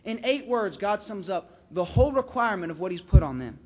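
Man, sermon, very high pitch, emphatic peaks and low drops, repetitive phrasing. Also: big pitch swings, a little fast, a little mellow, husky. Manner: impassioned, rises to emphatic peaks then drops low on key words; repeats and restarts phrases for emphasis. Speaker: preacher.

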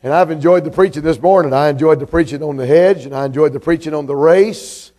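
Mellow-voiced preacher. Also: male voice, fairly high pitch, fast. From Georgia, US. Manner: folksy storyteller, warm asides to the congregation. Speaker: guest preacher. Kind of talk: sermon with humorous story.

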